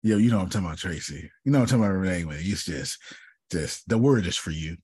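A man speaks to a group in a very deep, somewhat husky voice, recorded close and dry. He tells personal stories in a loose, conversational way, calling on listeners by name. He clears his throat often. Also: animated, fast talker, darkish tone, dry recording. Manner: storytelling, calls listeners by name. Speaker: speaker leading a group session. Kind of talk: motivational talk to a group.

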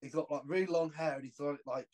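A man's voice: a little high, fairly even intonation, fast talker, a little mellow, low-quality recording. A man in a casual podcast chat, telling a story in a rambling way and swearing often.

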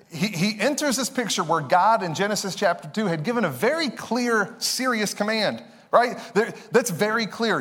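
A young man preaches in a relaxed, conversational way, slipping from scripture into quick personal asides. His voice sits a little high for a man. A long hall reverb trails after every phrase. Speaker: pastor. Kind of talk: sermon.

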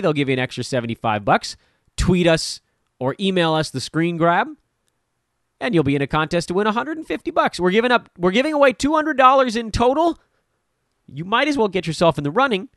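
A man hosting a fantasy basketball podcast, talking casually in an animated, rambling, blunt and jokey way. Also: sits high, dry recording, studio quality. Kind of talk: casual podcast talk with sponsor promo.

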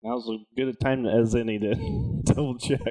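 A man's voice: medium pitch, wildly swooping pitch, normal speed, warm tone. A man playing a tabletop game, practically sorting out who takes charge. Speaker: player. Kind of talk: casual banter at a game table.

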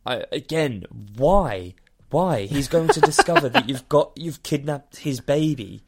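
A man's voice: a little high, huge pitch swings, unhurried. A man casually recapping a film plot on a podcast, rambling, laughing and swearing freely. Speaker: podcast co-host.

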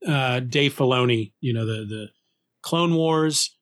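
A man talking casually as a podcast cohost, enthusiastic and lively, often restarting his sentences. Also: medium pitch, a little slow. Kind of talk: casual conversation.

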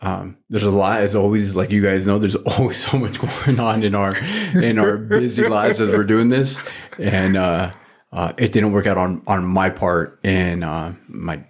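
A man's voice: on the low side, fairly even intonation, a little slow. A man hosting a faith podcast, talking casually and rambling with lots of fillers and restarts. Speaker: podcast host.

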